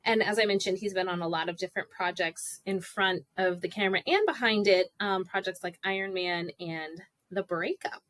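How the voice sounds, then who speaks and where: A woman's voice: mid-range voice, normal speed, few pauses, a bit bright, no room sound. A woman in her forties co-hosting a podcast, telling stories in a chatty way and putting on quoted voices. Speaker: podcast co-host. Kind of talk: casual podcast chat. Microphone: podcast microphone.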